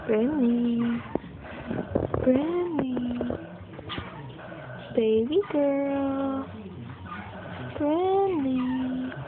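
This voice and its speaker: Young mom, high lively baby talk, tinny phone recording with noise. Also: female voice. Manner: sing-song, coaxing, repetitive. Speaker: mother filming her baby. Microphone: phone camera.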